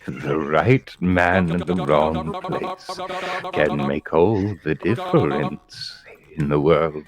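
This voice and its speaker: A slow, unsettling suited stranger, put on by a man. He drawls each phrase and leans on odd syllables, his deep voice rising and dipping. Soft music plays underneath. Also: animated, exaggerated voice. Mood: ominous. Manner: drawling, oddly stressed phrasing. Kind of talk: voice impression.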